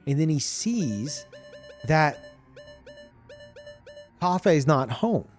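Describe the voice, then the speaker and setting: A man streamer chatting casually about a video game, animated and profane, laughing often. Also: fairly high pitch, very slow, faint music behind.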